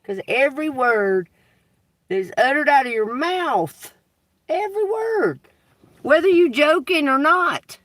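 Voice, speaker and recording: Slow-talking woman on a live tarot stream, cussing and laughing, kinda far from the mic. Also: high voice, animated, a bit bright, no echo. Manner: blunt, profane, laughs often; preachy, addresses the collective. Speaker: tarot reader. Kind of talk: casual livestream talk.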